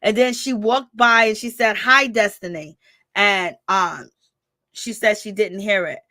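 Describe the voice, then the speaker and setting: Blunt, chatty woman with a bright voice. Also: medium pitch, fairly even intonation, measured pace, no room sound. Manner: chatty, blunt, talks straight to viewers. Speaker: reality TV recap commentator. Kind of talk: casual reaction commentary.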